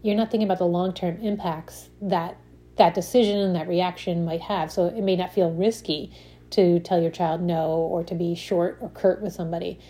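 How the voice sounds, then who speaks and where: A woman with a low, dark voice and fairly even intonation speaks at a moderate pace. She gives a casual self-help talk on stress and habits, often checking in with "right?", restarting her sentences, and offering examples.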